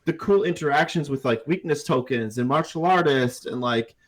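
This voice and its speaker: A man's voice: on the high side, moderate pace. Rambling casual man talking games. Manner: rambling, filler-heavy, restarts often. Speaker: podcast co-host. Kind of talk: casual gaming chat.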